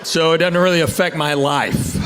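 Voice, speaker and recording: A man's voice: a little high, steady tone, moderate pace, heavy background noise. Man doing stand-up. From Tennessee, USA. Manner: casual, joking storyteller addressing the crowd. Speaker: stand-up comedian. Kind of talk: stand-up comedy set. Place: comedy theater stage.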